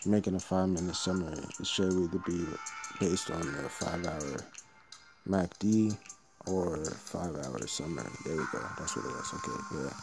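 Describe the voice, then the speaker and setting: A man's voice: sits low, vocal fry, a little mellow. A man talking through a trading strategy in a rambling, slangy, joking monologue. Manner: loose, slangy, joking, profane.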